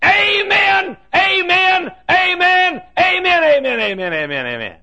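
A man voicing an old male church custodian who talks in a soft, tearful, pleading way. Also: mid-range voice, steady tone, brisk, gravelly. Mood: shouting. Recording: dull lo-fi sermon recording.

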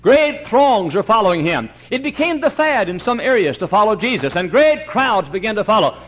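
Male revival preacher, higher-pitched, fervent, loud-to-hushed swings; muffled old recording. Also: very animated, moderate pace. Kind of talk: sermon.

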